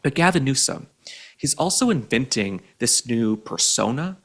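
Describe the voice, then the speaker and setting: A man's voice: mid-range voice, big pitch swings, moderate pace. Sarcastic male political commentary host. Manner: sarcastic, combative, mocking.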